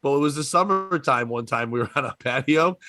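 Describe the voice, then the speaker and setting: A man's voice: mid-range voice, expressive, fairly quick, sharp tone, dry recording. A man hosting a casual comedy podcast, telling stories with lots of laughter. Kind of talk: casual chat.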